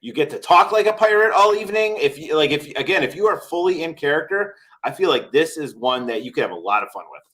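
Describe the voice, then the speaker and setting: A man co-hosting a casual chat show, joking and acting out quick little voices as he talks. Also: on the high side. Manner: animated, jokey, acts out little quoted voices. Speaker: podcast co-host.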